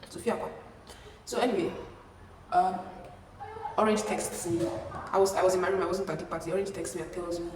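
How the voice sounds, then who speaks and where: A young woman tells a story to her vlog audience, lively and expressive, leaping up in pitch whenever she mimics someone. Her voice carries a strong echo and sits at a distance from the mic, with a faint hiss behind it. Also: a little fast, pauses often. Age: young adult. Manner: animated, acting out quotes with sudden pitch jumps. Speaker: vlogger. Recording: echoey room, far from mic, faint hiss.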